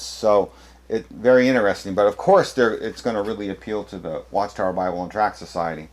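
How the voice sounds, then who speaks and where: A man's voice: lowish voice, normal speed, a little mellow. A man presenting an apologetics lesson to camera, speaking emphatically with many fillers and restarts as he points through books. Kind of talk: lecture showing books to camera.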